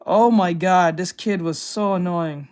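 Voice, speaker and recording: Excitable swearing woman reacting. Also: fairly low pitch, measured pace, heavy background noise. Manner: excitable, swears, often shouts. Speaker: YouTuber reacting to videos. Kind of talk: casual gaming reaction commentary. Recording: voice with music playing behind. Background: clear music.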